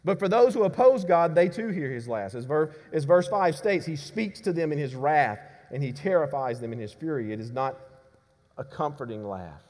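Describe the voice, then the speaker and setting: A man preaching a sermon to his congregation. He delivers emphatic declarations, drops to hushed low lines, and often asks the congregation questions. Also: animated, normal speed. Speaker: pastor. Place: church sanctuary. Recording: reverberant church hall.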